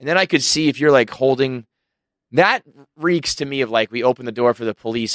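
A man's voice: mid-range voice, a little fast, fairly bright tone, no room sound, clean studio sound. A young man telling a rambling story in casual podcast chat, swearing and laughing as he goes. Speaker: podcast co-host.

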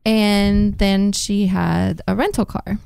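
A woman hosting a casual talk show, chatty and encouraging, quick to laugh. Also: medium pitch, fairly even intonation, gravelly, a little mellow, clear, resonant tone, no echo. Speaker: host. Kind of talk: casual chat.

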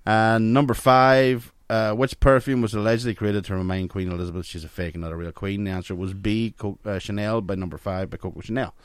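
A man's voice: on the low side, steady tone, fairly quick, few pauses, smooth, no room sound. A man hosting a casual podcast quiz, reading questions out amid swearing banter and laughter.

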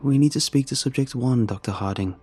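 A man's voice: medium pitch, a little fast, a little mellow, slightly rough, soft background music, voice pushed up, lightly acted. A man voicing an insistent female scientist in a horror story. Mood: urgent.

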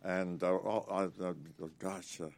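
A man in his eighties, an actor telling rambling anecdotes in an interview, animated and laughing between stories. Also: low voice, a little slow, creaky. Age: 80s. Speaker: actor guest.

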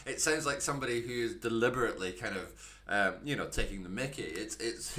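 A man's voice: lowish voice, fairly quick, sharp tone. A Scottish man co-hosting a casual discussion podcast, critical and thoughtful, often restarting his sentences. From Scotland. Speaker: podcast co-host.

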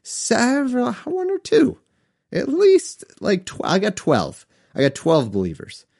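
A sheepish, fumbling Jesus, played by a man, who stalls with uh's and backpedals. The voice swoops up high and wanders around as he dodges. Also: wildly swooping pitch, unhurried, creaky, darkish tone, heavily acted. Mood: evasive. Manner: hesitant, stammering, full of fillers. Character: evasive, bumbling male Jesus making excuses.

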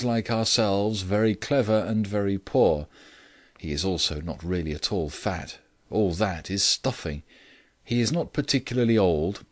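A man voicing an exultant gentleman who speaks in a grand, chanting way with slow emphasis. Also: deep voice, no echo.

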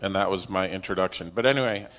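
A middle-aged man being interviewed, casually telling a long story about his career in a self-deprecating, animated way. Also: deep voice, quick pace, in a large hall. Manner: self-deprecating, animated when recounting dialogue. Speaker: interview guest, company executive. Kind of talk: conversational storytelling.

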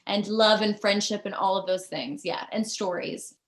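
A woman's voice: medium pitch, moderate pace, poor audio. A woman performer answering questions over a video call, wry and laughing often. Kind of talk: Q&A chat.

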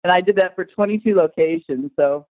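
A woman's voice: lowish voice, a little fast, no echo, phone-quality sound. A woman guest in a conversational interview, talking with enthusiasm and at length. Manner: enthusiastic, talkative. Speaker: guest, tour organizer.

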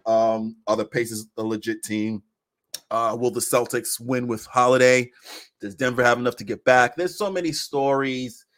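A man talking basketball on a podcast mic, animated and full of laughs. His pitch sits in the usual middle range. He acts out bits of what players said as he goes. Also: normal speed. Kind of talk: casual sports chat.

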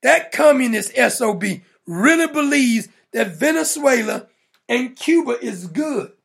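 A man's voice: very high-pitched, expressive, measured pace, vocal fry, fairly bright tone, husky. A man hosting a political talk show, ranting in an emphatic, mocking, blunt way. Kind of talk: opinionated political rant.

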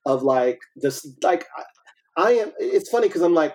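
A man talking as a podcast guest in an earnest, animated way, laughing often. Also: a little high, normal speed, slightly rough, rough recording. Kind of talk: casual conversation.

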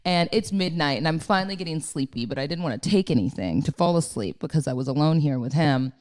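Podcast co-host, woman, thirties, low-ish voice, rambling anecdotal delivery. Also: animated, fast talker, darkish tone. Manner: chatty storytelling, acts out quotes in a high voice. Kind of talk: casual chat.

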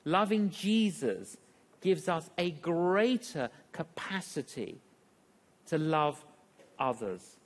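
Preacher, sermon, slow measured delivery, long echoing hall reverb. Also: mid-range voice.

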